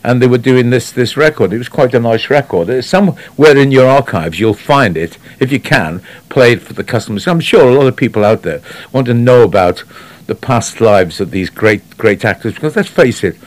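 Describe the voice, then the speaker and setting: A man's voice: medium pitch, lively intonation, normal speed. A man chatting casually on the radio, telling rambling anecdotes that trail off. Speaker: radio guest on classic actors.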